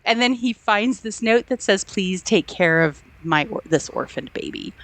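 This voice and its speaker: A woman's voice: mid-range voice, animated, normal speed. A woman co-hosting a podcast, enthusiastically retelling film scenes with acted-out quotes and frequent laughter. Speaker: podcast co-host. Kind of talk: casual film discussion.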